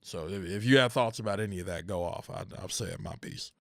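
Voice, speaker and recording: A young man in an emotional, profane rant about unpaid creative work, repeating phrases and climbing toward shouting. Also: sits low, brisk, vocal fry, dry recording, clean studio sound. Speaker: content creator.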